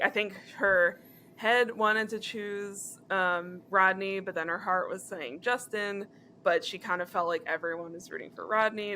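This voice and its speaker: A woman's voice: lowish voice, sharp tone, a little hiss or hum. A woman co-hosting a podcast, talking things through in a chatty, thoughtful way. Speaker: podcast co-host. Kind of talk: casual chat.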